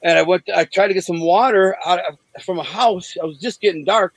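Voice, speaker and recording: A man in his forties from Detroit, bluntly telling rough stories in an interview over a video call, rambling with many restarts. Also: sits high, a little fast, no room sound, poor audio. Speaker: interview guest. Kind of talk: candid storytelling in an interview.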